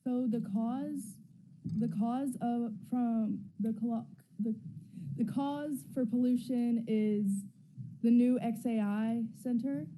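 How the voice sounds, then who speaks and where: A woman's voice: on the high side, steady tone, slow, mellow, rough recording. A teenage girl presenting a class project, hesitant and stumbling over her words. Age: teens. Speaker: student presenter. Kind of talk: student presentation.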